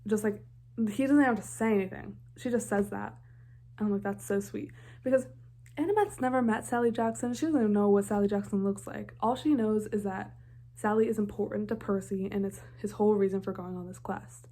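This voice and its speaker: A woman's voice: mid-range voice, steady tone, a little fast, warm tone. A young adult woman giving casual reaction commentary on a TV episode, gushing and filling her talk with "like". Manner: gushing, heavy on filler "like". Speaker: TV reaction vlogger.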